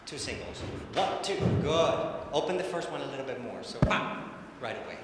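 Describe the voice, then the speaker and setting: A man's voice: medium pitch, fairly quick. A man who speaks English as a second language, coaching ballet dancers live in a studio, encouraging them and counting out rhythms. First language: Spanish. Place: large echoey studio hall. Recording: echoey hall, faint noise.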